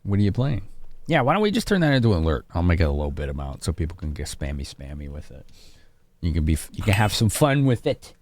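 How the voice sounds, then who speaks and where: A man's voice: deep voice, sing-song, fast talker, no echo. A man from Chicago streaming a game live, chatting casually with his viewers. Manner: casual, chatty, laughing with chat.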